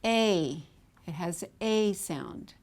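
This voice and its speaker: A woman gives a patient board lesson, saying each vowel slowly and then saying it again. Her voice sits fairly low. She keeps checking that the class is following. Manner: patient, repeats sounds slowly and asks "okay?". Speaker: Hebrew teacher. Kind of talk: whiteboard lesson.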